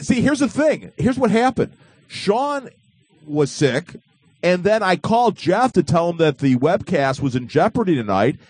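A man hosting a casual webcast, joking with callers in an excitable way. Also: high voice, slightly rough. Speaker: host.

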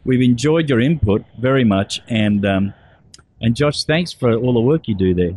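A man's voice: mid-range voice, expressive, moderate pace, darkish tone, slightly rough. A man hosting a casual radio show, teasing callers and laughing often.

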